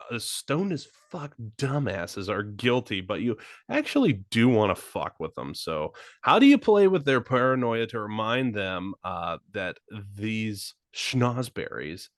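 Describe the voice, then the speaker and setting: A man's voice: on the low side, no echo, studio quality. A man co-hosting a casual comedy podcast, joking crudely. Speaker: podcast co-host.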